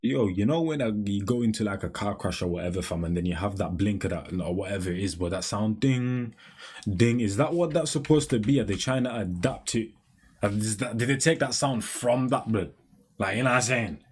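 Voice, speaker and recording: A young man, hosting a casual music reaction and chattering rapidly in slang, full of fillers. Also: fairly low pitch, a little mellow, slightly rough.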